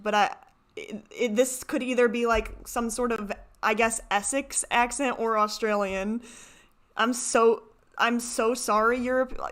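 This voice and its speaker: Woman host, somewhat high voice, chatty reaction commentary, trips over her words. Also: a bit bright. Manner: rambling, frequent restarts and self-corrections.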